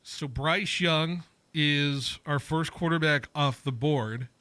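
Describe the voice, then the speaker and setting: A man's voice: a little high, slow pace, sharp tone, dry recording. A man hosting a sports radio show, talking casually and rambling, often breaking off and restarting his sentences in the studio. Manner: chatty, rambling, self-interrupting.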